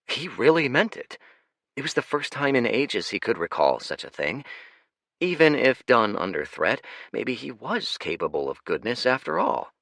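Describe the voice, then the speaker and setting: Bright-voiced, expressive male narrator. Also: on the low side, gravelly, no room sound, studio quality. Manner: expressive, dramatic storytelling. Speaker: audiobook narrator. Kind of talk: scripted narration.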